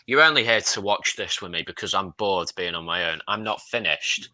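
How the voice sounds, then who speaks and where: A man's voice: sits low, moderate pace, sharp tone, no echo. A young man hosting a casual voice call, talking in a bossy, teasing way. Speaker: host of a story call. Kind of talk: casual chat over a voice call.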